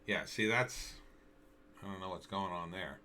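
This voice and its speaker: An American man talks alone into his mic, commenting on news clips. His voice is bright and forceful, set fairly low, and he sounds indignant, stumbling over restarts and hammering the same point again and again. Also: slight background noise. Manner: indignant, repetitive, halting with restarts. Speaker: political commentary vlogger. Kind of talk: solo commentary reacting to news and videos.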